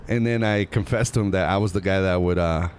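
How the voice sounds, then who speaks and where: Male comedian, 30s, deep-ish voice, loose storyteller, cusses, faint traffic behind. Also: a little fast. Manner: animated, rambling, laughs at himself, swears casually. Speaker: comedian guest. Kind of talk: casual storytelling. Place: outdoors on a busy city boulevard.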